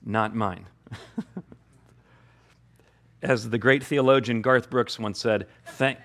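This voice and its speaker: A man's voice: medium pitch, steady tone, takes it slowly, vocal fry, fairly bright tone. A man preaching a sermon, earnest and emphatic, who often repeats his key phrases for weight. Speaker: pastor.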